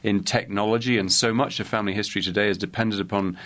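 Really deep voiced guy on a church panel, formal wording, upbeat. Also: steady tone, fast, a bit bright. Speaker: panel guest. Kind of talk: religious panel discussion.

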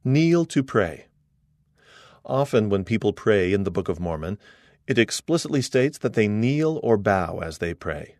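A middle-aged man reading an article aloud as scripted narration, earnest and measured, quoting scripture. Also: fairly low pitch, big pitch swings, darkish tone, no room sound, clean studio sound.

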